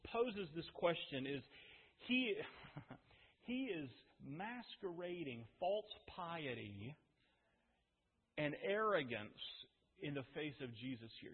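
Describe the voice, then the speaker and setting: Husky-voiced male pastor preaching in a hall. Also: fairly high pitch. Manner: conversational preaching with rhetorical questions and dramatic pauses. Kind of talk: sermon. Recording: phone-like audio with long hall reverb.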